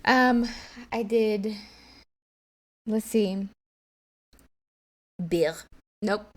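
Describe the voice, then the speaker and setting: Podcast co-host, woman, mid-range voice, animated storyteller who laughs a lot. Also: medium pitch, unhurried. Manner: lively, laughs often, tells anecdotes. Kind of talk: casual storytelling chat.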